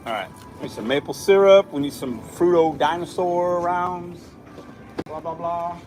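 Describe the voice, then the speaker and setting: A man live streaming from a grocery store, complaining and coaching himself out loud. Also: sits high, animated, normal speed, slight background noise, poor audio. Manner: frustrated, self-talk, dramatic complaints. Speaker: livestreamer. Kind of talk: live stream while shopping.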